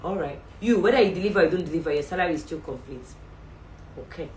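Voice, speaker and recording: A woman's voice: fairly low pitch, quick pace, a little mellow, distant mic. A Nigerian woman hosting a faith show, giving earnest, chatty exhortations as she signs off a livestream. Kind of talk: livestream sign-off talk. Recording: roomy, off-mic, faint background hum.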